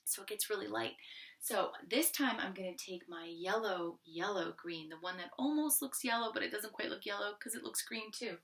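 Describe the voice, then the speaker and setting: A woman's voice: medium pitch, moderate pace, far from the mic. Encouraging art teacher woman, echoey room. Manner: gentle, encouraging, thinks aloud while drawing. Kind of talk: friendly step-by-step art lesson.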